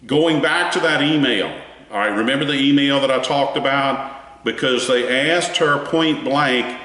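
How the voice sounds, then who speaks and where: A man with a Southern US accent giving a folksy, animated spoken recap of a court trial. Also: measured pace. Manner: animated, folksy storytelling with wide pitch swings. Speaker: courtroom commentator. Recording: echoey room with long reverb.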